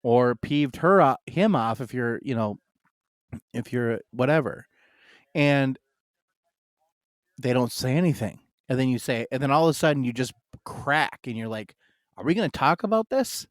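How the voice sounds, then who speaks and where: A man's voice: medium pitch, a little slow, long pauses, no room sound. Brief: adult male co-host, loose rambling storyteller, mid-range voice, dry close recording. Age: adult, married. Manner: rambling and storytelling, full of "like" fillers. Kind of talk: casual chat.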